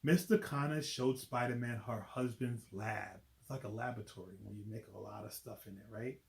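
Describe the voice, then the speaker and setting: A man's voice: fairly low pitch, normal speed, gravelly, darkish tone, echoey room. A man reading a children's picture book aloud, chatty, stopping to explain the pictures and asking "right?" often. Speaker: volunteer reader.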